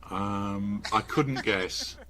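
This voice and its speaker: Slow-talking Gloucestershire man, low voice. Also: fairly bright tone. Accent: Gloucestershire English. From Gloucester, England. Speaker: participant. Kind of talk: casual online discussion.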